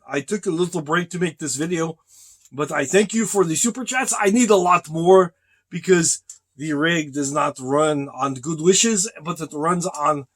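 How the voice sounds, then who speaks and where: A man in character as a vlogger, rambling in a slow, deadpan comic monologue and calling the listener brother, recorded in a truck cab. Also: fairly high pitch. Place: truck cab on a driving break.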